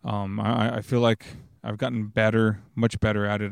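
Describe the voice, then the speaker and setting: A man's voice: fairly low pitch, flat delivery, normal speed, gravelly, clear, resonant tone, dry recording. A man hosting his own podcast, talking in a casual, rambling, earnest way close to the microphone. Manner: rambling, earnest, many restarts and fillers. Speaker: podcast host. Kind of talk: casual solo podcast monologue.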